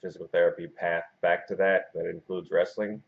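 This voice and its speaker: A man in his forties hosting a casual wrestling video blog, talking in a self-described monotone and rambling with many fillers and restarts. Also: sits low, fairly quick, gravelly. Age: 40s. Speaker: wrestling blogger and video host. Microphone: camera mic. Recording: dull lo-fi camera audio.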